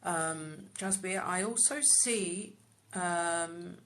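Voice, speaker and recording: A woman doing a live-stream psychic reading into a phone, murmuring repeated phrases with many soft ums. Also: on the low side, extremely slow.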